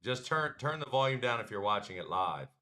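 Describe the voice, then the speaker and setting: A man's voice: medium pitch, very animated, a little fast, bright, forceful tone. A man hosting a racing talk show, laid-back and laughing as he moderates a casual chat. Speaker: show host.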